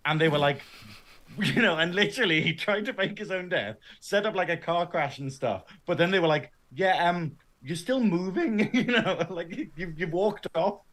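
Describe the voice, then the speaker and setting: A man co-hosting a casual podcast chat, telling animated stories, acting out quotes and laughing a lot. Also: fairly high pitch, moderate pace. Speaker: podcast co-host.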